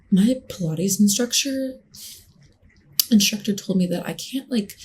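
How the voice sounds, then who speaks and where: A woman putting on a breathy, flaky trendy girl. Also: fairly low pitch, a little mellow, slight background noise, rough recording. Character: flaky self-absorbed trendy woman, airy and dismissive.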